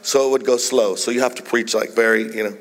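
A man's voice: mid-range voice, fairly even intonation, fast. A man preaching a sermon, telling jokes and stories in a playful, teasing way as the pastor. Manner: playful, jokey storytelling preacher. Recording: long reverb of a large hall.

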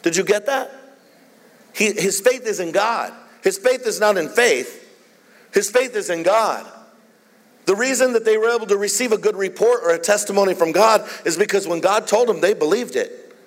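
A man's voice: sits high, normal speed. A man preaching a sermon as a pastor, repeatedly calling out "Amen?" to the congregation. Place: church hall. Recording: long hall reverb.

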